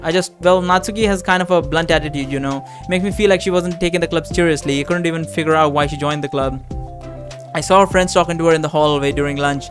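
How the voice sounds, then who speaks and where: A man voicing a self-critical teenage girl club president while reading a visual novel aloud, soft and hesitant. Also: on the high side, fairly even intonation, quick pace, music in the background, natural voice.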